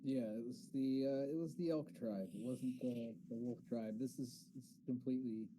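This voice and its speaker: A man's voice: medium pitch, moderate pace, warm tone, a little hiss or hum, poor audio. A man playing a tabletop game, chatting casually. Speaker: player.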